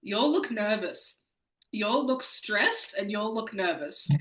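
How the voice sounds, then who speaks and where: A woman hosting an online games night, chatty and excitable. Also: mid-range voice, unhurried, low-quality recording. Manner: excitable, chatty, laughs often. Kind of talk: casual hosting.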